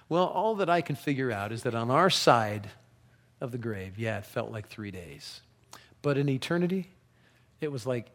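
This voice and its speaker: A pastor preaching a sermon, telling the story with animation and reading scripture passages aloud. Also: male voice, mid-range voice, lively intonation, moderate pace.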